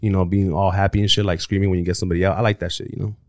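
Young man, podcast guest, swaggering, profane slang, very fast talk, low voice. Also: little pitch movement, no echo, clean studio sound. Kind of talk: casual podcast interview.

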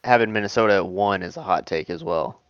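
A man in a casual sports chat who shares his opinions in a measured, agreeable way. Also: on the low side, smooth, dry recording. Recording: dry, dull lo-fi sound.

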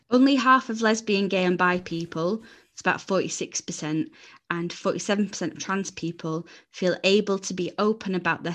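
A woman, co-hosting a podcast and telling personal stories in a frank, blunt, self-mocking way. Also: on the low side. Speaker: podcast co-host. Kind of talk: candid conversational storytelling.

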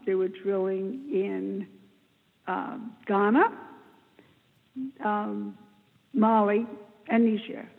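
A woman telling the story of her charity work in an interview, in an animated, emphatic way, often clearing her throat. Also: mid-range voice. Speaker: interview guest, charity founder. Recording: tinny phone-like line with long reverb.

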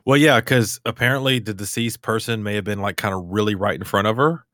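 A man's voice: on the low side, a little fast, fairly bright tone, no echo, clean studio sound. A man hosting a podcast, chatting casually, rambling and laughing easily. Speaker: podcast host. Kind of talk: casual chat.

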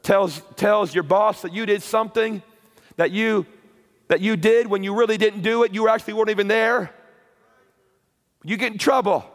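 A man preaching a sermon with passion, rising to shouted peaks and repeating words. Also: sits high, fairly even intonation, moderate pace, pauses often, long reverb tail. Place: church or camp meeting hall.

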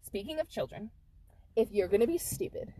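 Co-hosting a casual podcast, a woman with a mid-range voice and moderate pace tells a story full of swearing. She's an animated, profane storyteller who acts out the quotes.

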